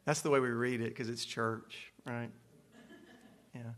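A male pastor preaching a sermon into a close microphone, moving between quiet asides and dramatic shouted passages. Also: mid-range voice, fairly even intonation, a little slow. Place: church sanctuary.

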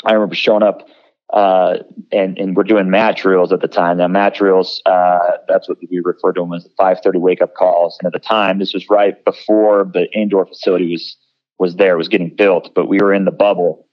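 A man's voice: deep voice, highs cut off. A man in his thirties, a former college football player, telling stories in an interview, with many restarts and fillers. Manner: halting, many restarts and fillers, lively when quoting others. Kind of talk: conversational interview storytelling.

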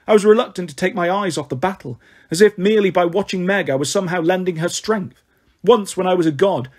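A man narrating an audiobook with wry, dramatic flair. His voice is high-pitched and husky, with a breathy rasp. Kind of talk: first-person story reading.

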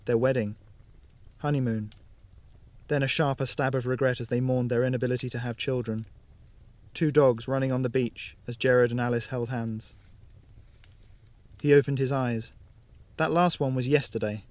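A man reading a science fiction story aloud in a steady, even narration. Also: medium pitch, moderate pace, long pauses, no room sound.

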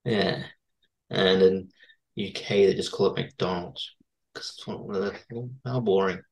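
A man's voice: sits low, fairly even intonation, a little slow, darkish tone. An Australian man chatting casually as a podcast guest, rambling with lots of "uh" and restarts. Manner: rambling with many fillers and restarts. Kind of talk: casual chat.

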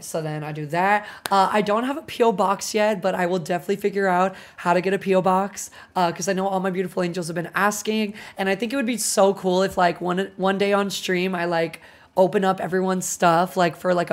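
Excitable, foul-mouthed woman streamer. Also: mid-range voice, brisk. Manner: excitable, swears a lot, gushes over viewers. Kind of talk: casual game livestream chatter.

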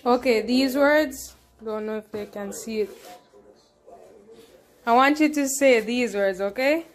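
A young woman hosts a casual home vlog. Her voice sits high. She teases and bosses her partner playfully. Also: unhurried. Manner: teasing, bossy, playful. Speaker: vlog host.

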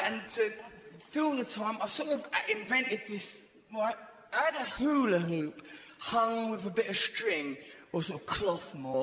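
High-voiced man doing stand-up. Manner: animated, rambling storytelling with frequent "right?" asides. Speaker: stand-up comedian. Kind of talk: live stand-up comedy. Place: theatre stage before a live audience. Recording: echoey live hall, audience noise.

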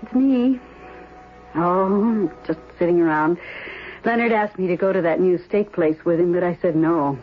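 An actress playing a lonely, nervous widow in a 1970s radio drama, fluttery and easily startled. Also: female voice, on the low side, moderate pace, natural voice. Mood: chatty. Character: lonely widow, middle-aged, nervous and chatty. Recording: tinny lo-fi radio recording with music.

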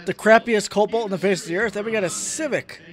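A man hosting a let's play of a racing game, excitable, yelping and cursing at the game and joking about his own driving. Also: sits high, fast. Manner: self-deprecating joking. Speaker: gaming video host. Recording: game music behind.

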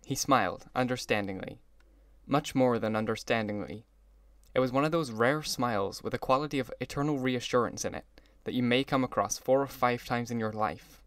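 An audiobook narrator reads a classic novel aloud from a script in a steady, mid-pitched male voice. His delivery is even and measured, recorded close and dry with no room sound.

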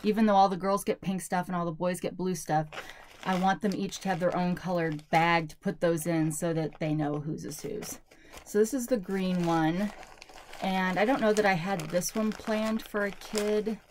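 A woman's voice: on the low side, steady tone, moderate pace, a little mellow, slight background noise. A woman vlogger chatting casually through a product haul, rambling and thinking aloud with lots of fillers. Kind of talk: casual product review chat.

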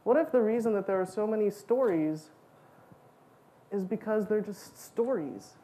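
A woman speaking at a student gathering, spinning a personal story with animated, self-mocking energy. Her voice sits at an ordinary middle pitch, and she peppers her talk with "like" and bursts of laughter. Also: normal speed, poor audio.

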